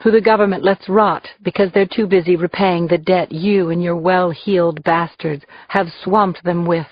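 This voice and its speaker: A woman's voice: fairly low pitch, fairly even intonation, natural voice. Woman doing a cold, accusing young killer. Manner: accusing, deliberate. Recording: dull, dry lo-fi recording.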